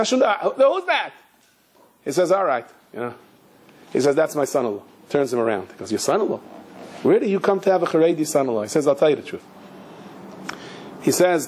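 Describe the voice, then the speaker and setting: Animated storytelling man, slightly husky. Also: on the high side. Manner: animated storyteller acting out voices, shouting in quotes. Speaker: rabbi giving a talk. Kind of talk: storytelling sermon.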